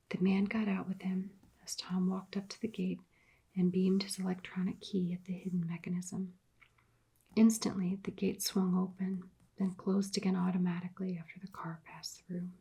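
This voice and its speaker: Husky, whispery soft-spoken woman narrator. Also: fairly low pitch. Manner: hushed, partly whispered reading. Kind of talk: soft-spoken ASMR book reading.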